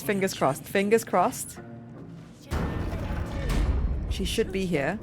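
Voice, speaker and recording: Excitable woman commentating gameplay. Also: medium pitch, measured pace, faint music behind. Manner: chatty, excitable, apologetic. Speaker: let's play streamer.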